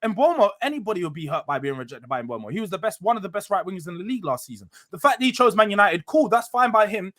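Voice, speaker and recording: A man's voice: sits high, big pitch swings, quick pace, hardly any pauses, a bit bright. A man arguing as a panelist in a heated football fan debate, insistent and talking over others. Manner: insistent, talks over others, repeats himself.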